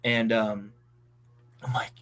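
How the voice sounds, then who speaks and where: A young man around twenty from southeastern Pennsylvania, a college ballplayer telling stories in a relaxed chat, full of fillers. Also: fairly low pitch, slow pace. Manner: relaxed storytelling with many fillers. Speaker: college baseball player, guest. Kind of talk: casual chat.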